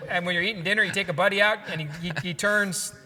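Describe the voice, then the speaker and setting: Male host, high bright voice, jokey and laugh-prone, hall reverb. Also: fairly even intonation, fast talker. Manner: laughs often, upbeat and joking. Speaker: podcast host. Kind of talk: casual chat reading memes aloud.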